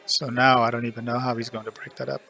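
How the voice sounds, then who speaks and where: A man's voice: medium pitch, level tone, quick pace, creaky, bright, forceful tone, faint music behind. A man commenting live on a pool match into a headset, joking and giving firm opinions on the shots.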